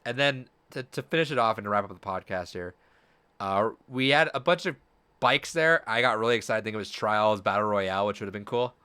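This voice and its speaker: A man co-hosting a casual gaming podcast, talking eagerly with a lot of halting restarts. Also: on the low side, bright, forceful tone, clear, resonant tone, no room sound. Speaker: podcast co-host. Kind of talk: casual chat.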